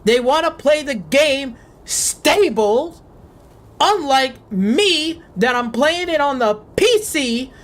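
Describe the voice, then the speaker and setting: A game streamer ranting in casual live commentary, swearing freely and sarcastic, faking panic and often repeating words. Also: medium pitch. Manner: profane, sarcastic, mock panic.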